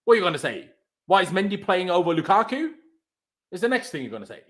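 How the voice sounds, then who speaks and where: A man with a notably high voice hosts a live post-match reaction. He rants in exasperation, tripping over his words and swearing freely. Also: sing-song, fast, a bit bright. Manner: exasperated, stumbling, swearing rant. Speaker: football fan show host.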